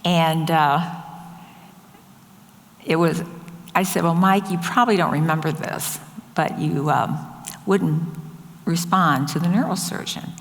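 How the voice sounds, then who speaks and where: A woman's voice: low voice, a little slow. An older woman, a nurse, telling true stories from her work in a casual, anecdotal way, quoting people as she goes. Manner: anecdotal, quotes others in lively voices. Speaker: nurse and speaker. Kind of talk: storytelling talk. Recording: long hall reverb.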